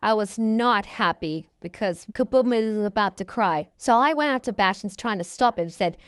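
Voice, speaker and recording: A woman's voice: mid-range voice, animated, normal speed, fairly bright tone, clear, resonant tone, dry recording, studio quality. A woman telling a fan story in a rambling, profane and ungrammatical way.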